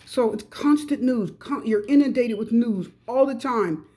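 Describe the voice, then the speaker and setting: A woman's voice: on the high side, a little slow, mellow. Chatty woman giving a tarot reading. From United States. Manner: chatty, emphatic, repeats advice directly to viewers. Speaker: tarot reader. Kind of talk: pick-a-card tarot reading.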